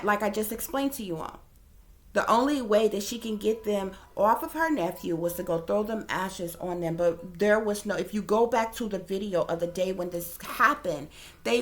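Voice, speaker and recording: A woman's voice: medium pitch, animated, moderate pace. A woman hosting her channel as a psychic reader, giving casual commentary with emphatic, repeated "okay?" checks and casual swearing.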